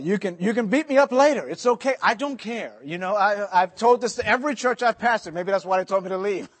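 Pastor guy preaching, slightly higher voice, chatty, slows way down to stress a point. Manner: conversational preaching, joking asides, slowing for emphasis. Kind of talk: sermon.

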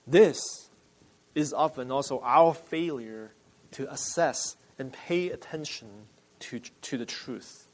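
A male pastor delivering a sermon, emphatic and deliberate, repeating key phrases. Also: medium pitch, darkish tone, low-quality recording.

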